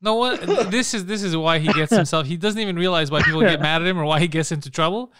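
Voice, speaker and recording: A man's voice: fairly high pitch, quick pace, noisy background. A man hosting a casual talk show, bantering bluntly with his friends, swearing freely and laughing often.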